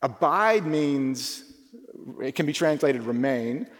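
A man preaching a conversational sermon, informal and full of rhetorical questions, shifting between quick asides and slow emphatic phrases. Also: medium pitch, expressive. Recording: long reverb from a large hall.

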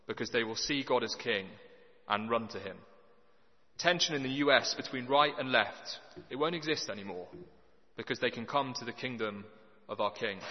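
A man preaching a sermon, earnest and conversational with dry humour. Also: medium pitch. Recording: dull lo-fi sound with long hall reverb.

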